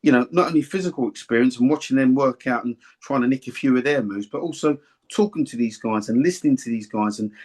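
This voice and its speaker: An older man, a former boxer, telling rambling, warm-hearted anecdotes in an interview and often repeating himself. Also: mid-range voice, quick pace. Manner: rambling, anecdotal, repeats words and "do you see what I mean". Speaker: former boxer and boxing pundit. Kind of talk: reminiscing interview chat.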